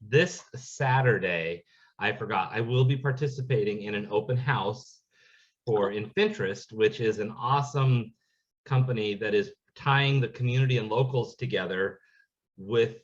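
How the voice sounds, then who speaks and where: A man's voice: lowish voice, normal speed, muffled recording. A man co-hosting a comedy podcast, chatting in an easygoing, rambling way. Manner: easygoing, rambling, laughs a lot. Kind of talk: casual chat.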